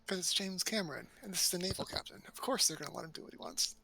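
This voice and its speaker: A man with a fairly high, gravelly, bright voice plays a tabletop game and lays out his plans in long explanations. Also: lively intonation, racing. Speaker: player. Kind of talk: casual tabletop play.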